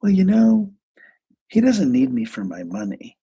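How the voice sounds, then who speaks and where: Man voicing an exasperated wealthy forties woman, high gravelly squeals. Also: very animated, unhurried, mellow, heavily acted.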